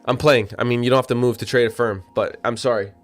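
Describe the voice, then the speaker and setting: A man's voice: mid-range voice, fairly even intonation, fast talker, soft background music. A man hosting a live trading stream, talking casually and directly to his chat with slangy, repetitive phrasing, hiccuping now and then. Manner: chatty, slangy, addresses chat directly, repeats himself. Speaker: livestream trading host. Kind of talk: casual livestream commentary.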